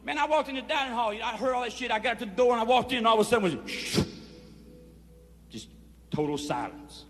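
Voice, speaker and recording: Man with a high, drawling voice telling a loose, profane story in a long-echo hall. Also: expressive, quick pace. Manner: drawling, profane, peppered with "you know". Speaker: performer addressing inmates. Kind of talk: rambling spoken storytelling. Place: prison hall. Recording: reverberant hall, 1970s film sound.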